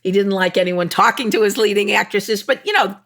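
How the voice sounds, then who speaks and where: A woman's voice: mid-range voice, fairly quick. Frank older woman with a Chicago accent. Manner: animated, frank, self-deprecating. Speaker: guest. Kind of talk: candid interview conversation.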